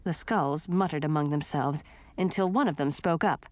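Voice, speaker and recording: A woman narrates a fantasy audiobook in a clear storytelling manner. Her voice sits fairly low and is recorded dry and close, with no room sound. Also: normal speed, darkish tone, no room sound. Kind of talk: scripted narration.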